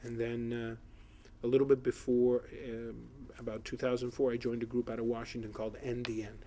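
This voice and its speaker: A man's voice: mid-range voice, level tone, normal speed, mellow, slight background noise. A middle-aged man from South Florida, a political candidate answering questions in an editorial board interview, rambling with many fillers and restarts.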